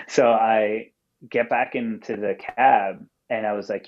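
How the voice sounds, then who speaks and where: A man's voice: on the low side, fairly even intonation, unhurried, gravelly. Rambling man on a dull call-in line. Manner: rambling, heavy with fillers and swearing. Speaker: guest calling in to a podcast. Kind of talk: casual storytelling.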